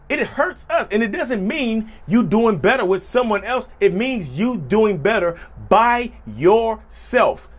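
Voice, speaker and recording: Animated, high-voiced man talking to viewers. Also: husky. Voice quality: voice sometimes cracks high. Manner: animated, repeats phrases, addresses viewers as y'all. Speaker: YouTube channel host. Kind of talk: casual monologue to camera.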